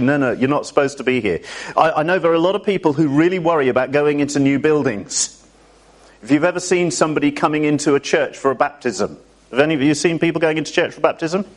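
Chatty preacher asking the congregation. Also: male voice, on the high side. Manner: chatty, asks the congregation questions. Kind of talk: sermon. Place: church with a congregation.

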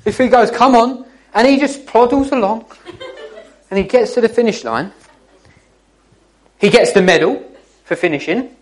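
A man's voice: high-pitched, lively intonation, moderate pace, long pauses, rough recording. Chatty man giving a jokey church talk. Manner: jokey, chatty, teasing the listeners. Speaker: youth speaker. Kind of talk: informal talk to young people.

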